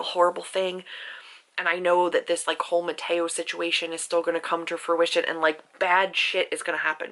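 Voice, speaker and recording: Gravelly, emotional woman book vlogger. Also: lowish voice, pushed and bright, rough recording. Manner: emotional, rambling reactions with many fillers. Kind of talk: casual reading vlog.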